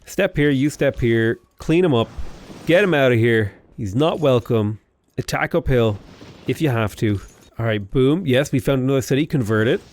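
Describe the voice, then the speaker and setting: A man's voice: medium pitch, expressive, normal speed, a little mellow. A young man chatting casually while playing a strategy game, rambling into jokey asides. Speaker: gaming YouTuber. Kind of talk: casual gameplay commentary.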